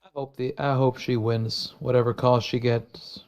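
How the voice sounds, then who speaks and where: A man's voice: mid-range voice, little pitch movement, normal speed, a little mellow. A man co-hosting a podcast in casual chat, making sardonic, mock-cheerful quips. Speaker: podcast co-host. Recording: slightly dull, lo-fi sound.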